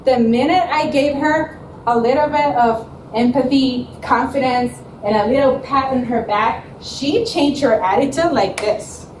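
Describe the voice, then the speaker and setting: A woman with a high voice gives a student presentation, telling lively stories and often laughing as she acts out what people said. She is recorded from a distance in a roomy, echoing space with faint background ambience. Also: unhurried, a little hiss or hum. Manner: animated storyteller, laughs often, acts out quotes. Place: presentation room. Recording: echoey room, mic from far off.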